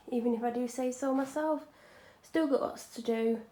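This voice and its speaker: A vlogger chats frankly in a casual home vlog, filmed in a room she is decorating, now and then slipping into soft whispered asides. Her voice is fairly high and she talks at a normal speed.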